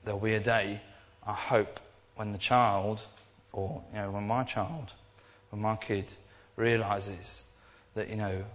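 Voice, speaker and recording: A man's voice: fairly low pitch, steady tone, slow pace, hardly any pauses. A young man giving an informal sermon, talking in a rambling, earnest way with many restarts. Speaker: preacher. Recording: echoey hall.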